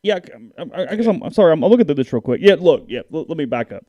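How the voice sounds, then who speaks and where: A man's voice: a little high, big pitch swings, racing, dark tone, dry recording. A man co-hosting a sports podcast in casual chat, often restarting his sentences and reading posts aloud. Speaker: podcast co-host. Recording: dull, slightly lo-fi dry sound.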